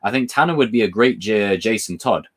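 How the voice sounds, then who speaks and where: A man's voice: on the low side, lively intonation, a little fast, fairly bright tone. A man hosting a casual live stream. He reads viewer questions aloud, answers them, swears casually and laughs a lot while telling stories.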